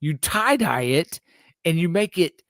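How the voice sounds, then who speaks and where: A man co-hosting a casual sneaker podcast, talking in an animated, exasperated rant. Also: on the high side, unhurried, no echo. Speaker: podcast co-host.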